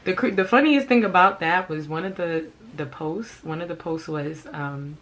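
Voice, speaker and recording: A woman's voice: fairly low pitch, moderate pace, fairly bright tone. A woman from Brooklyn, telling a story in a casual, blunt, profane, rambling way. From Brooklyn, New York. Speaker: vlogger.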